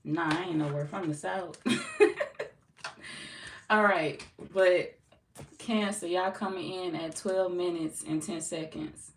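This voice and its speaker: This Midwestern tarot reader from St. Louis has a local accent and a low-side voice, steady in tone and a little slow. She chats with her live chat casually and bluntly, with frequent cursing and laughter. The recording comes from an echoey room on a distant mic with faint noise.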